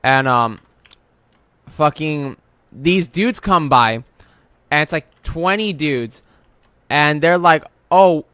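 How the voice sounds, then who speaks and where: Young male vlogger with a slightly high voice and a dry, close sound; rambling, profane storyteller. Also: expressive, slow, pauses often, pushed and bright, clear, resonant tone, no echo. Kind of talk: casual rant about work.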